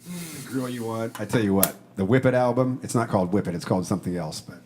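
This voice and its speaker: A man hosting a live stream, reading viewer comments in casual chat, joking and breaking into shouts and snatches of song. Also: lowish voice, quick pace. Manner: animated, jokey, shouts and sings bits.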